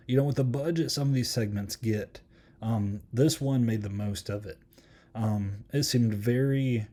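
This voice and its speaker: Mellow-voiced man rambling through a review. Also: lowish voice. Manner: rambling, many ums and likes. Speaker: podcast host. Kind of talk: casual film review chat.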